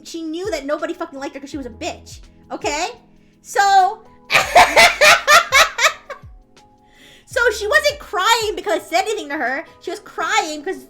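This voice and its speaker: Woman streamer, high bright voice, rambles and swears, faint music behind. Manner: rambling, swears freely, restarts often. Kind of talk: casual storytelling.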